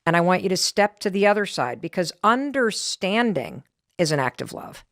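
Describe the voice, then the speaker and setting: A middle-aged woman hosts her podcast, telling a story on herself with animated, self-deprecating energy. Her pitch swings widely as she talks, and the sound is dry and close. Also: moderate pace, dry recording. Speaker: podcast host. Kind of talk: casual talk to listeners.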